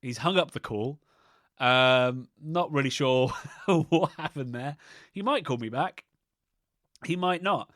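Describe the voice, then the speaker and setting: A man's voice: mid-range voice, takes it slowly, fairly bright tone, dry recording. A man co-hosting a podcast, giving short dry replies and laughing easily in casual chat. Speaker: podcast co-host.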